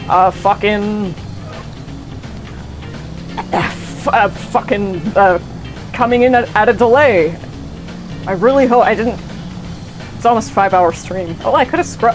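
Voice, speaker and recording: A young woman streamer talks through her game at an unhurried pace, profane and rambling, often restarting her sentences. Quiet game music plays under her voice. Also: medium pitch, poor audio. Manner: rambling, profane, self-interrupting. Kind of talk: casual gameplay commentary. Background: faint game music.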